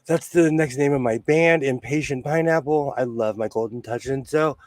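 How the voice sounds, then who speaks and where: A man's voice: medium pitch, moderate pace, a little mellow, dry recording. A man hosting a sewing livestream in casual chat, jokey and laughing often as he greets viewers.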